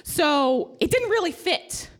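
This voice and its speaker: A woman's voice: very high-pitched, sing-song, slow. A woman telling a candid, self-mocking personal story live, with laughing asides.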